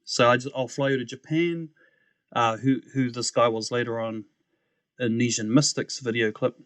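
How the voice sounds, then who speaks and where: New man telling a lively story. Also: medium pitch, normal speed, no echo. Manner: animated, acts out quoted voices, laughs often. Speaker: podcast guest. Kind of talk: casual testimony storytelling.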